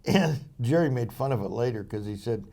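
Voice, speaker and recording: A man's voice: mid-range voice, animated, fairly quick, vocal fry, warm tone. An older man, a former police officer, telling anecdotes in an interview, with many fillers and restarts. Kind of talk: storytelling interview.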